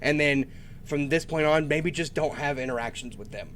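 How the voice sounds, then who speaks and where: A man playing a tabletop role-playing game, talking in character in an animated, stammering way and laughing often. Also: on the high side, moderate pace, slight background noise. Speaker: player.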